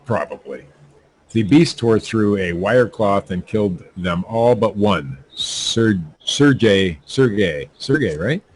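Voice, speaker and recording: A man's voice: on the low side, animated, slow, slightly rough, rough recording. A man hosting a podcast, reading news stories aloud with stumbling, joking asides. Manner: stumbling, laughing at his own jokes. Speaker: podcast host.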